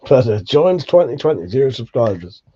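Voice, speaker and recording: A man's voice: medium pitch, very animated, fairly quick, slightly rough, muffled recording. Sweary man bantering on a livestream. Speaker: livestream host. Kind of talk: casual live chat reading viewer messages.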